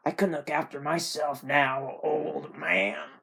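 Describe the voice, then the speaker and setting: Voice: medium pitch, animated, slow, a bit bright, slightly rough, heavily acted. Storybook bit: a reader playing a dying, worn-out Southern man, weak and slurred, reedy tone. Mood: weary. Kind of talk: hobby storybook reading.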